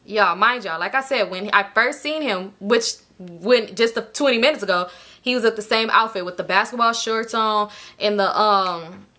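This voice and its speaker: A young woman telling a casual storytime to her viewers, animated and slangy, often addressing them directly. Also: mid-range voice, normal speed. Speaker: storytime vlogger.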